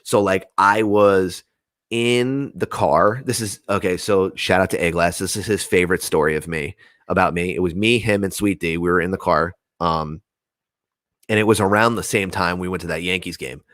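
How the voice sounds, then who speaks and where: A young man from New Jersey, telling a story in casual podcast chat, animated and swearing freely as he acts out the voices of people in it. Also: sits low, moderate pace, no echo.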